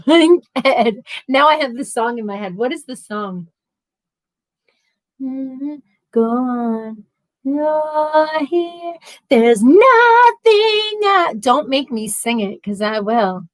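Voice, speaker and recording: A middle-aged woman chatting on a casual livestream, reading viewer comments aloud in a lively, animated way. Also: a little high, slow, pauses often, no echo, low-quality recording. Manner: chatty and animated, laughs often.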